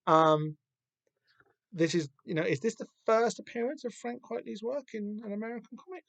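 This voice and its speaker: A man's voice: high-pitched, moderate pace, vocal fry, a bit bright, no room sound. A man with a Southern English accent hosting a podcast, giving casual comic-book commentary in a rambling, sweary, self-deprecating way. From Southern England. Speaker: podcast host.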